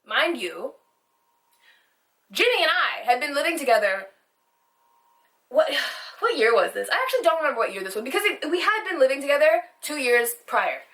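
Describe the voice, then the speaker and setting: High bright woman ranting a storytime. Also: big pitch swings, normal speed, long pauses, recorded from a distance. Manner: rambling, heated, swears constantly. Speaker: vlogger. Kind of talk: storytime vlog. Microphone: phone camera.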